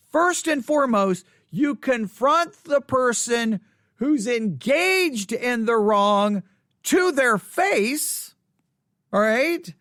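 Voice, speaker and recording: A man leading a Bible study, teaching in an animated way, often restarting and repeating phrases. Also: very high voice, no room sound, clean studio sound.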